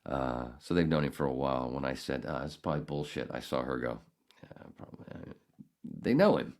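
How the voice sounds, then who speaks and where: A man's voice: extremely low pitch, lively intonation, brisk, darkish tone. An older man hosting a podcast, telling a rambling, profane story in a casual, ranting way. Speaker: podcast host.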